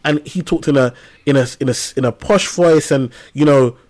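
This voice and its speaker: A man in his thirties, a podcast guest who tells lively stories in casual slang. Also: mid-range voice, normal speed. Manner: animated storytelling with casual slang. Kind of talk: casual conversational interview.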